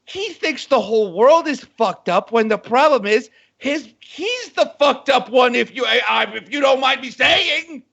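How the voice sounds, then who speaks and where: A podcast co-host making sarcastic, wry comments in casual commentary. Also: male voice, very high-pitched, animated, unhurried, creaky, few pauses, fairly bright tone, dull audio.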